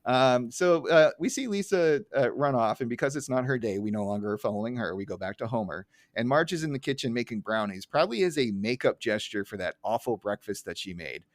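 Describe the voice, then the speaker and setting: A man's voice: medium pitch, expressive, fairly quick, few pauses, no room sound. Chatty man with a dry close mic. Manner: rambling, lots of fillers, laughs often. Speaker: podcast co-host. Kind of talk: casual chat.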